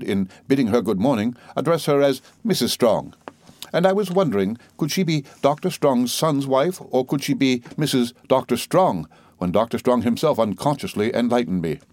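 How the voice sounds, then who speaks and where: A man narrating a novel in a measured, steady reading. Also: medium pitch, no room sound. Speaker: audiobook narrator. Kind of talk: scripted narration.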